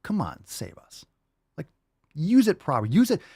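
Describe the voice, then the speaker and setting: A man's voice: a little high, huge pitch swings, moderate pace, warm tone, husky, dry recording, studio quality. A man hosting a livestream podcast, ranting casually in a profane, emphatic and repetitive way. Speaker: podcast host.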